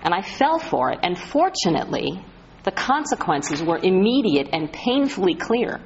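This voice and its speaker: A woman's voice: fairly low pitch, big pitch swings, normal speed, a little hiss or hum. A woman acting as a spiritual medium, giving an inspirational talk as earnest storytelling and leaning hard on key phrases. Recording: slightly muffled lo-fi recording.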